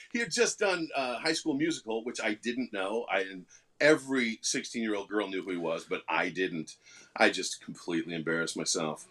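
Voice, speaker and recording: A middle-aged man with a low, deep-set voice tells rambling, self-deprecating stories as an interview guest. He is loose and chatty, with plenty of fillers and restarts. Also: a little fast, a bit bright. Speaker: actor and guest. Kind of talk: casual interview storytelling.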